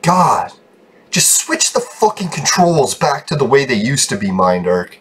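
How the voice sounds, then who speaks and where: A man's voice: medium pitch, big pitch swings, unhurried, fairly bright tone, slightly rough. A young man giving profane, frustrated commentary over his gameplay, breaking into laughs. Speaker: game video creator.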